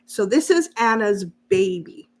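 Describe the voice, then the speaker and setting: A woman's voice: medium pitch, lively intonation, measured pace. Chatty woman hosting a sewing stream. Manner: chatty, laughs often, reads out viewer comments. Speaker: sewing channel host. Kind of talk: casual live-stream sewing chat.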